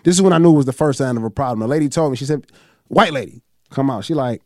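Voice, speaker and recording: A man, host of a chat show, telling a long story in a profane, animated way and acting out what others said. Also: medium pitch, very fast, no room sound, studio quality. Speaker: podcast host.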